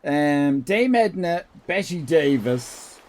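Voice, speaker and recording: A man's voice: a little high, animated, slow, darkish tone. A man with an Irish accent chatting casually on a live stream while drawing. He talks in a crude, rambling, irreverent way and reads out comments from chat. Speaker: livestreamer.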